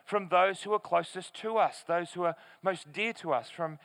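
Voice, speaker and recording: Bright-voiced man preaching a sermon. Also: high-pitched, dry recording. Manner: earnest, emphatic preaching with deliberate pauses. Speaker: pastor. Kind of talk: sermon with scripture reading. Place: church service in front of a screen.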